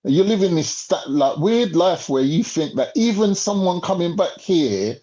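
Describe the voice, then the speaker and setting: A man's voice: high-pitched, animated, unhurried, mellow. A man ranting in casual, profane podcast talk. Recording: slightly muffled lo-fi audio.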